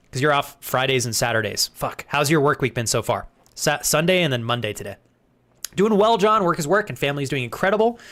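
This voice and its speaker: A young man streaming a game live, chatting casually with viewers, thanking them by name, swearing freely, and jumping high in pitch when he gets excited.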